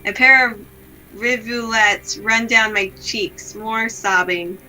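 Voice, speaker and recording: A woman reading aloud the lines of a gloomy, self-blaming young woman from a visual novel, in a slow, subdued, melancholy way. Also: on the high side, steady tone, sharp tone, exaggerated voice, poor audio.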